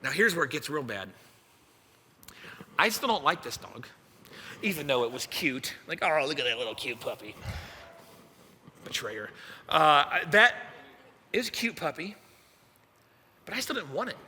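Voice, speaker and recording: A young adult man, a youth pastor, preaching a sermon as an animated, self-mocking storyteller. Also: on the high side, a little slow, pauses often, big-room sound, slight background noise. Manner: animated, self-mocking storyteller acting out his own past lines. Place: church hall.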